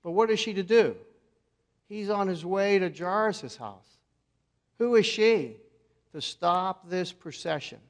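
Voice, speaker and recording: Storytelling pastor in a reverberant church. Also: male voice, high-pitched, lively intonation. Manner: storytelling with dramatic pauses, dropping soft for quoted words. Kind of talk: sermon. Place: church sanctuary.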